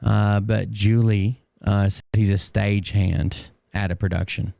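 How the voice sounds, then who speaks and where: A man streamer talks to his chat in blunt, sarcastic asides, with profanity thrown in freely. His voice is smooth and clear, a little strained. The sound is dry and close. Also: lowish voice, little pitch movement, measured pace, dark tone, no room sound. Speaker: streamer reacting to clips. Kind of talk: casual profane commentary.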